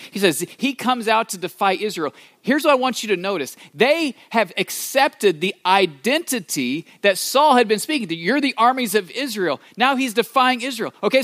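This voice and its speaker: A male pastor preaching a sermon in a fairly high voice, retelling the story with playful acted-out asides. He swings between loud emphasis and soft, hushed moments. The recording is dry and close, with little room sound. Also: no room sound.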